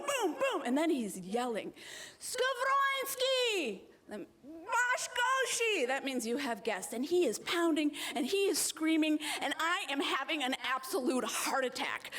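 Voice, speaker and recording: American woman telling a true story live, lively and self-mocking, does little voices for people. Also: on the high side. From United States.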